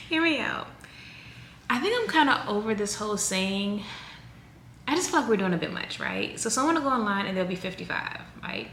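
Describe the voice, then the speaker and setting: A gravelly, mid-range voice belongs to a vlogger, a woman in her thirties, chatting to camera in an animated, rambling way full of asides. The room is reverberant, and a faint hiss of background noise sits underneath.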